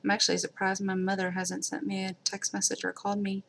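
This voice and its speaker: A woman's voice: mid-range voice, monotone, fast, vocal fry, a bit bright. Woman, casual craft livestream chat, rambling self-talk, noisy home recording, clicks behind.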